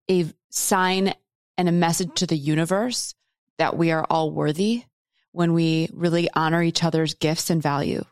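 Woman, low voice, podcast host, earnest, emphatic, dry close recording. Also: a little mellow, dry recording. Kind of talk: heartfelt conversation.

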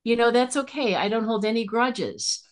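A middle-aged woman from Pennsylvania, a guest on a podcast, telling her stories in casual chat with her voice leaping up when excited. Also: a little high, normal speed.

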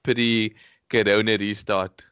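Low, smooth-voiced man talking football. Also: flat delivery, slow, fairly bright tone, no echo, lo-fi sound. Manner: hesitant, thinking aloud with many restarts. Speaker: podcast co-host. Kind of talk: casual football chat.

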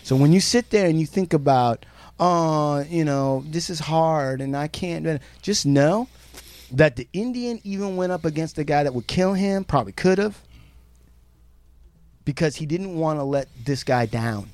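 A man co-hosting a podcast, telling a story in a brash, profane, animated way. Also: a little high, a little slow, no echo. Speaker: podcast co-host. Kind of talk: casual storytelling chat.

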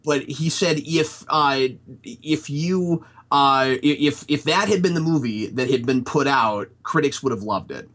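A man's voice: a little high, unhurried, fairly bright tone. A man in a casual podcast chat, giving a rambling critique of a movie with lots of restarts. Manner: rambling, many restarts and fillers.

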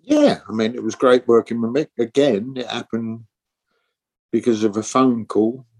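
In relaxed interview storytelling, this man in his sixties, a guest musician, wanders through anecdotes while performing the voices of those he quotes. He speaks at normal speed with a medium pitch, an expressive delivery, and a darkish tone.

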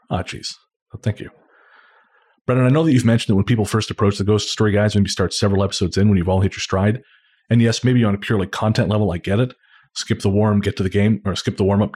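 A man with a low-pitched voice reads listener mail on a podcast. His tone is husky and a little breathy. He talks in a relaxed, unhurried way and stumbles through his phrases with plenty of fillers. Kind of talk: casual chat.

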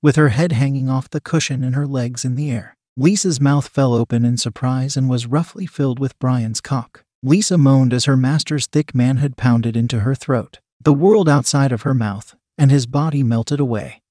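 A man's voice: mid-range voice, steady tone, moderate pace, few pauses, mellow, no room sound, clean studio sound. A man steadily reading an adult audiobook as narrator.

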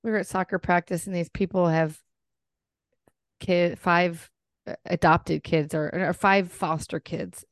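A woman's voice: lowish voice, fairly even intonation, measured pace, no echo. Middle-aged woman, podcast cohost, blunt and chatty, dry close mic. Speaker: podcast co-host. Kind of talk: casual chat.

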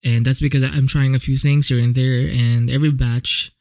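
On his home podcast mic, this host gives a solo reflective monologue, gravelly and casual, rambling with frequent self-corrections and free swearing. He talks briskly in a mid-range, slightly mellow voice with little pitch movement and no echo.

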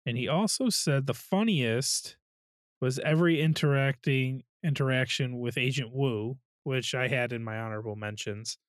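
A man's voice: mid-range voice, moderate pace, dry recording, studio quality. A man co-hosting a podcast, chatting casually and telling stories with swearing and sound effects. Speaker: podcast co-host. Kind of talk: casual chat.

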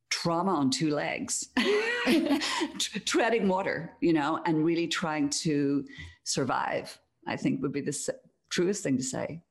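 Low-voiced Irish woman, reflective. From Ireland, Donegal. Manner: reflective, storytelling, laughs easily. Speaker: guest. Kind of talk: casual conversation.

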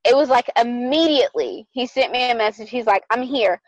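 A young adult woman co-hosting a podcast, telling a dating story in casual chat, animated and profane, acting out both sides. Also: fairly high pitch, a little fast, no room sound, rough recording. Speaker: podcast co-host.

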